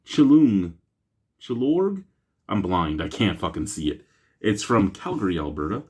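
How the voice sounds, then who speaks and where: A man's voice: expressive, normal speed, slightly rough. A man, hosting a casual beer review vlog, chatty and rambling with self-mocking jokes, recorded on a camera mic. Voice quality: deep voice. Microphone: camera mic, no lapel mic.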